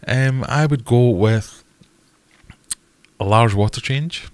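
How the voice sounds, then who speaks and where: A Glaswegian host from Scotland runs a casual live-stream Q&A, chatty and joking as he answers viewers. His medium-pitched voice is slow, and there's no room sound.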